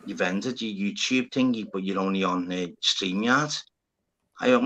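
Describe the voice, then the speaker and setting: A man's voice: on the low side, moderate pace, bright, forceful tone. A man hosting a live stream panel. He tells stories in a casual, sweary way and acts out both sides of each conversation, talking into his phone. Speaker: livestream host. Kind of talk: casual storytelling chat.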